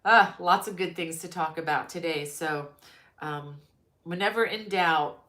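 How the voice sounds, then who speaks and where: Chatty woman crochet host, lower voice. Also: measured pace, fairly bright tone. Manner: chatty, greets viewers by name, many ums. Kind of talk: casual live-stream chat. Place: her mother-in-law's home.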